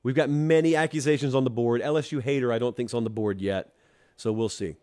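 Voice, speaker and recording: A man's voice: medium pitch, brisk, a little mellow. A man from Georgia hosts a college football talk show in a mid-range voice. He teases the fans he is talking to and drives each point home. The delivery is opinionated and wry. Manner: wry, teasing, emphatic, direct address to fans. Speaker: show host. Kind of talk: opinionated sports commentary.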